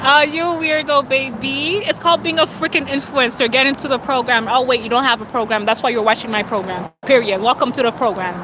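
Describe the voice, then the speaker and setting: A woman influencer talking casually and boastfully on a phone livestream, with sassy remarks and quick laughs. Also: high voice, fairly even intonation. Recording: clear outdoor traffic noise.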